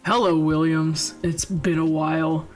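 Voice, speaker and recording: A woman voicing a gruff male detective in a visual novel game, in a flat, serious, clipped delivery. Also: sits low, measured pace, faint music behind, voice pushed down. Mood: deadpan.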